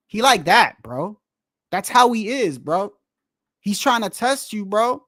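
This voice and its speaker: Man, high voice, casual rambling reaction talk, dry close sound. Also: very animated, slow pace, pushed and bright, no room sound. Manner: rambling, repeats "bro", restarts often. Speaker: streamer reacting to boxing clips.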